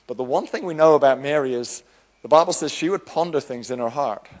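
A man preaching a sermon, animated, acting out the voices of the people he quotes. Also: medium pitch, a little fast, big-room sound. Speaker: pastor.

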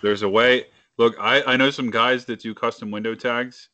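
A man's voice: medium pitch, steady tone, normal speed, sharp tone, no room sound, lo-fi sound. A man with a Philadelphia accent co-hosting a casual sports podcast, brash and joking, swearing freely. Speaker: podcast co-host.

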